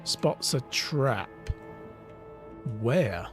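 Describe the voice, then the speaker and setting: A man streaming a video game, reacting excitedly and reading in-game text aloud. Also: mid-range voice, very slow, music in the background. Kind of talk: let's play commentary.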